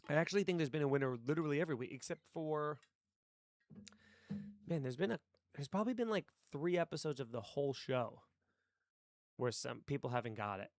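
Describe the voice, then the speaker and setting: A man's voice: fairly high pitch, lively intonation, fairly quick, pauses often, no echo, clean studio sound. A man chatting casually on a live stream, rambling to his chat while adjusting his microphone settings. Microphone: desk microphone.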